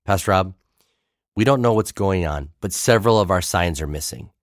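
A young male church volunteer, puzzled and blunt, gives clipped answers, as a male narrator acts him out. The voice sits fairly low and is recorded close and dry. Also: expressive, normal speed, no echo.

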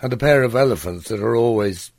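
A man voicing an earnest, worried older man in an audiobook story, speaking in a measured way. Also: medium pitch, creaky, a little mellow, no echo, studio quality, pitched above the performer's own voice, lightly acted.

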